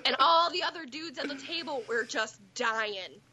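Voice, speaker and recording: A woman's voice: high voice, moderate pace, sharp tone, a little hiss or hum. A woman in her twenties chatting casually, telling stories with sarcasm and plenty of swearing. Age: 20s. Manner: profane, sarcastic storytelling. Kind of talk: casual chat.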